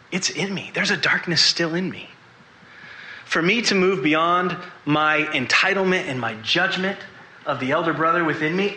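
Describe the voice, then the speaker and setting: A man preaching a sermon to a congregation, earnest and confessional, pausing to ask them questions. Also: fairly high pitch, bright, forceful tone, echoey room, low-quality recording.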